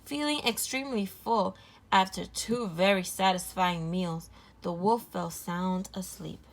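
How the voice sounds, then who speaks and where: A woman reading a children's storybook aloud, clear, gentle and even. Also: fairly low pitch, measured pace. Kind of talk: read-aloud storybook narration.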